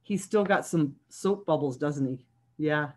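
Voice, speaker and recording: A woman who is a children's librarian, hosting a story time over a video call and talking warmly to young children. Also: sits low, measured pace. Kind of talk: read-aloud story time for kids.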